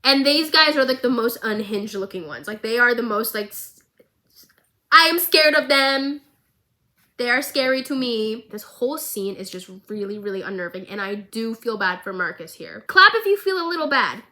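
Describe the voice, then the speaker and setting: A young woman vlogger giving a casual, animated recap of a show, with lots of filler words. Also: fairly high pitch, moderate pace. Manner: animated, chatty, filler-heavy.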